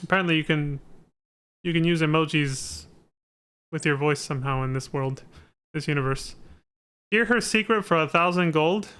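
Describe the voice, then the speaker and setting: A man's voice: a little high, normal speed, long pauses, smooth. A man streaming a video game live, giving irreverent, joking commentary with plenty of swearing. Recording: loud game music behind.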